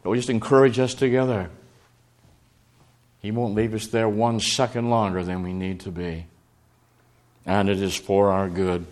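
A man preaching a sermon, earnest, quoting scripture and swinging between raised and hushed passages. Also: lowish voice, flat delivery, a little slow, long pauses.

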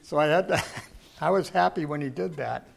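A man with a fairly high voice leads a Bible study in an informal sermon style. He wanders through stories with many restarts, then slows down to read scripture with weight and emphasis. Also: vocal fry. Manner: rambling, anecdotal, many restarts; slow, emphatic scripture reading. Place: church gathering, in person.

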